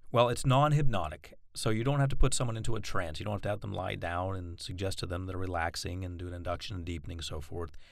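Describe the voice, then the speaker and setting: A man teaching a recorded self-help course, explaining techniques in a measured way and stressing key words. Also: fairly low pitch, creaky, dry recording, clean studio sound. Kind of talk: recorded audio lesson.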